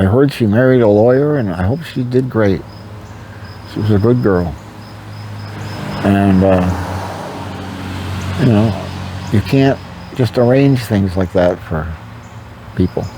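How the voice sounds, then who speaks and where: A man's voice: on the low side, takes it slowly, long pauses, background noise. An older man telling a candid personal story to his vlog audience, rambling with frequent fillers. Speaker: vlogger. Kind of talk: confessional storytelling to camera.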